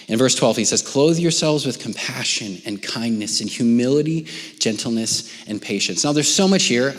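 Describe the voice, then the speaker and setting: A middle-aged man giving a conversational church sermon as the pastor, often dropping to a soft near-whisper. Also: medium pitch, long reverb tail. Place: church auditorium.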